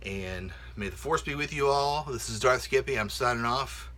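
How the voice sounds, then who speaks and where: A middle-aged man ranting casually on his vlog from his home office, mocking others in squeaky put-on voices. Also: normal speed. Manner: animated, mocks others in high squeaky voices. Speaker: video blogger.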